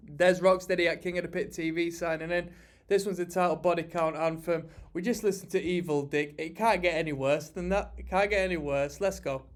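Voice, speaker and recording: Blunt, slow-talking man with a high voice. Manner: blunt, exasperated critique. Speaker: host of a music reaction channel. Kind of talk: album reaction commentary.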